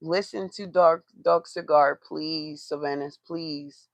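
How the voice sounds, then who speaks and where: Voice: mid-range voice, steady tone, slow pace, gravelly. A tarot reader doing a live reading, blunt and profane, who swears for emphasis and talks straight to the chat.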